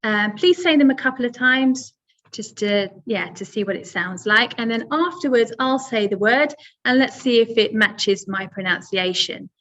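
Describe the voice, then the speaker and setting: A woman's voice: a little high, moderate pace, a bit bright, highs cut off. A woman teaching English pronunciation in a webinar, patient and step by step, with many fillers. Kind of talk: webinar lesson.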